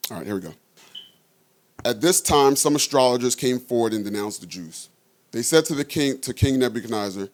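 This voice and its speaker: A man's voice: medium pitch, animated, brisk. A man preaching a conversational sermon, reading scripture aloud and often checking in with his listeners.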